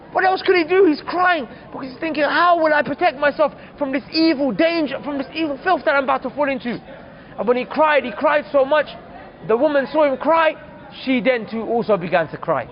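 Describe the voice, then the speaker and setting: A man's voice: very high voice, lo-fi sound. A man preaching, telling a story earnestly and calling his listeners brothers. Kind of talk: storytelling sermon.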